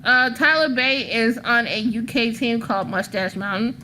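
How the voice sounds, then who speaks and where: A woman hosting a casual podcast in a bright, slightly high voice. She rambles through her stories, swears freely and laughs often. A faint hiss sits under her voice. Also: moderate pace. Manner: rambling, profane storytelling. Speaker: wrestling podcast host. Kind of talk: casual chat.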